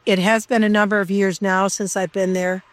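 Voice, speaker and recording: A woman's voice: medium pitch, level tone, fairly quick. Older woman, former researcher, documentary interview, reflective, close to tears. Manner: emotional, reflective.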